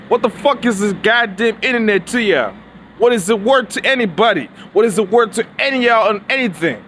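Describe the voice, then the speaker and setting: A man's voice: sits high, animated, brisk, a bit bright. A man giving a profane, preachy, rambling monologue with lots of slang, recorded outdoors near traffic. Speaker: vlogger.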